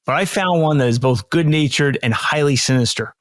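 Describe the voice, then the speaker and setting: A man's voice: a little high, a little fast, no room sound, clean studio sound. A man co-hosting a podcast in a casual chat, thinking aloud with lots of fillers. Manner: thinking aloud, frequent "you know" and "like". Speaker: podcast co-host.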